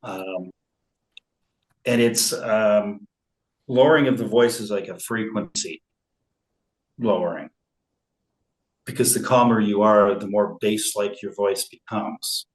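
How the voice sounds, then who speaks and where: A man speaking in an interview about conflict resolution, slow and measured, with frequent fillers and restarts. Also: on the low side, roomy sound, rough recording. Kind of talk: relaxed interview talk.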